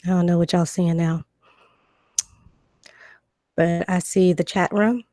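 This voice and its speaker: Low-voiced Southern woman, chatty livestream. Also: fairly even intonation, slow, dark tone, no echo. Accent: Southern US, Virginia with Georgia twang. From Virginia and Georgia, USA. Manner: chatty, loose, many fillers and restarts. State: recovering from illness. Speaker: livestream host. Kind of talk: casual live stream talk, reading definitions.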